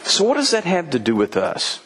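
A man's voice: on the high side, wildly swooping pitch, a little fast, a bit bright, big-room sound, a little hiss or hum. An older man preaching a sermon, telling folksy stories and swinging his voice up and down for emphasis. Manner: folksy storytelling preacher, voice rising and dropping for emphasis. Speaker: pastor.

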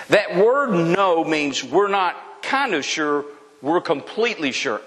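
A man preaching to his congregation in a high, lively voice that swoops up and down as he builds emphasis. He keeps turning to the room with direct questions. His words ring out with a long reverb, as in a large hall. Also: unhurried. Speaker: pastor. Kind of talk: sermon.

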